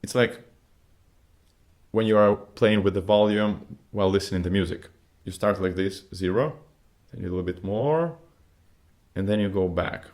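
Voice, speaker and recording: Low-voiced male vocal coach explaining. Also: normal speed, a little mellow. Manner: non-native phrasing, patient step-by-step explaining. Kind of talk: singing lesson.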